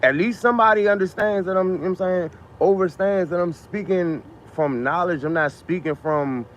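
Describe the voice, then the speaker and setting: A man rants on his live stream, stacking up rhetorical questions and profanity. His voice sits fairly high. The sound is muffled and lo-fi, with a faint hiss behind it. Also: moderate pace. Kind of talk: casual live-stream rant.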